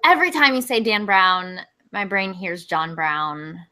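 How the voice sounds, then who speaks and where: A woman's voice: lowish voice, measured pace, sharp tone. A young woman co-hosting a comedy podcast, chatting casually, laughing often and steering the talk back on topic. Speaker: co-host.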